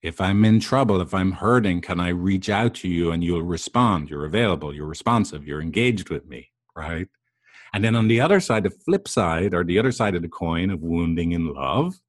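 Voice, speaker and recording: A man's voice: low-pitched, moderate pace, no echo, studio quality. A man talking as a couples therapist, explaining in a conversational way and often checking in with the listener. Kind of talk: explanatory talk to camera.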